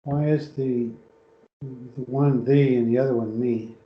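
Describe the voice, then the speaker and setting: A man's voice: medium pitch, fairly even intonation, unhurried. Puzzled man asking in class. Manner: questioning, puzzled. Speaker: class member asking questions. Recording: echoey room, dull lo-fi.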